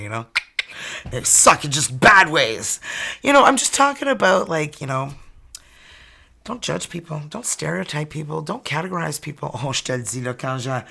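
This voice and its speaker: A man reads tarot in a chatty, teasing way. His voice sits a little high with a bright, sharp edge and a gravelly fry underneath. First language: French. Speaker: tarot reader. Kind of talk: casual tarot reading.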